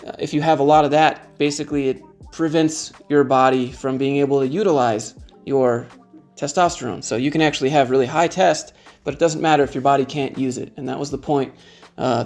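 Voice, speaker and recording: A man in his thirties speaks casually to camera in a personal vlog. His voice sits at an ordinary middle pitch, and his delivery is frank and conversational with dry jokes. A faint music bed plays underneath. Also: darkish tone. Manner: frank, joking, conversational, shows items to the camera. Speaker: YouTube creator.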